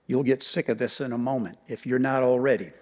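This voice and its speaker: A male pastor preaching a storytelling sermon, swinging from loud emphasis down to near-whispers and repeating key phrases. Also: mid-range voice, steady tone, a little fast, big-room sound. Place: church sanctuary.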